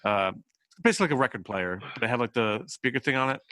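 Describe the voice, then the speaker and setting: A man's voice: mid-range voice, quick pace, bright, forceful tone, no echo. A man hosting a podcast in casual chat, rambling with lots of fillers and laughing often. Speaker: podcast host.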